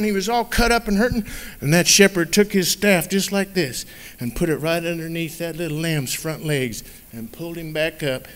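A man telling a children's Bible story at church in an expressive, playful manner. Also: on the high side. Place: church sanctuary.

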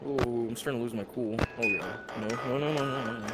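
A young man doing casual let's-play commentary, jumpy and swearing, muttering low and then yelping. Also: quick pace, over loud music. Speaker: gaming youtuber.

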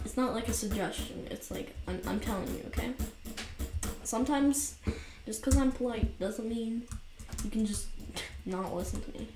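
A woman chatting loosely over her gameplay, stringing thoughts together with lots of fillers and poking fun at herself. Her voice bounces around a bare basement room, with a steady hiss and mouse clicks underneath. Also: fairly high pitch, normal speed, pauses often. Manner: rambling, filler-heavy, self-mocking, easily frustrated. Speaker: gaming commentator. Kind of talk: casual gameplay commentary. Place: cold basement room by a window. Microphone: new USB desk mic. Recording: roomy echo with noisy background.

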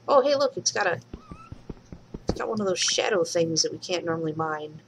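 A woman's voice: a little high, moderate pace, long pauses, slight background noise, rough recording. A woman casually commenting on her own game as she plays, chatting to the animals she meets and squealing when startled. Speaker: let's play host and mod maker.

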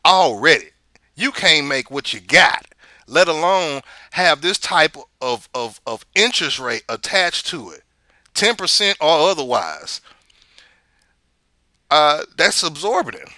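A man's voice: mid-range voice, sharp tone, dry recording, clean studio sound. A man hosting a casual money commentary show, rambling and repeating words as he tells stories.

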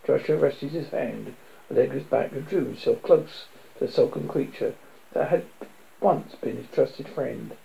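A man narrating a dramatic story in a steady storytelling manner. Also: medium pitch, moderate pace, vocal fry, poor audio. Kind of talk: scripted audiobook narration.

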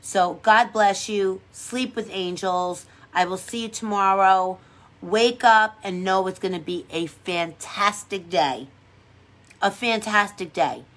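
During a relaxed makeup stream, a woman goes through viewer comments in a meandering, positive, supportive way. She talks at a slow pace in a mid-range, slightly bright voice.

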